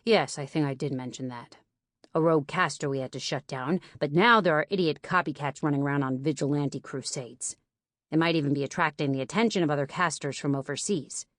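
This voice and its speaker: A woman reading an audiobook, voicing a tired man in his mid-thirties who talks in a ragged, breathy way. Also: fairly high pitch, fairly quick, a bit bright, no room sound, clean studio sound, lightly acted.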